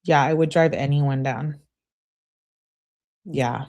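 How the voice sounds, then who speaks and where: Woman host, lower voice, casual livestream commentary, opinionated and foul-mouthed. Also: fairly even intonation, slow, a little mellow. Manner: blunt, opinionated, swears freely. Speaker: true crime livestream host. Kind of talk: casual commentary on a livestream, reading text messages aloud.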